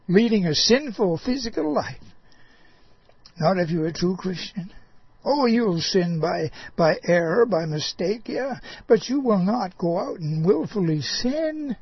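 Male preacher, folksy sermon voice, slow drawl with chuckles, husky, dry close sound. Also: high-pitched, no echo, dull audio. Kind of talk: folksy sermon addressed to an apostle.

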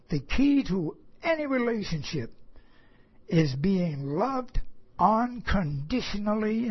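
A man delivers a sermon in a high, husky voice, taking his time over each phrase. He asks his listeners rhetorical questions and chuckles at himself. The recording is dull and lo-fi. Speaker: preacher.

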